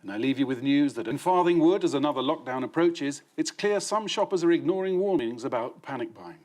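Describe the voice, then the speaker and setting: Male quiz host, dry deadpan delivery, animated slightly high voice, noisy background. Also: brisk. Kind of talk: scripted panel-show hosting. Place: TV studio with live audience.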